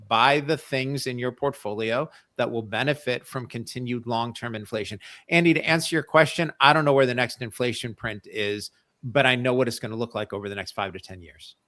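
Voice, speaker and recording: A man's voice: mid-range voice, brisk, fairly bright tone. A man on a live panel giving blunt, emphatic commentary, hammering his points home by repeating them. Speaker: panel guest.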